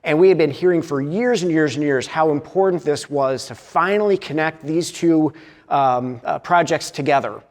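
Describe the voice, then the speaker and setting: A man's voice: a little high, normal speed, in a large hall. A man giving a conference presentation, with a lot of uhs and restarts. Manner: filler-heavy, with many uhs and restarts. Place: conference hall.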